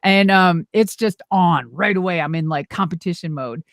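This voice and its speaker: Lively lower-voiced middle-aged woman. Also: moderate pace, dry recording, studio quality. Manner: animated, exclamatory, acts out quoted dialogue. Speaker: guest, former wrestler and monster truck driver. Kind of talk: casual storytelling interview.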